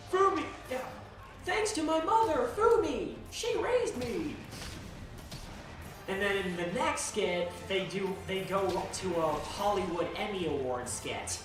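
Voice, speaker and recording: A streamer chatting casually while playing a game, rambling with restarts and laughter. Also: mid-range voice. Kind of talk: casual chat while gaming. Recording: very echoey, distant, background noise.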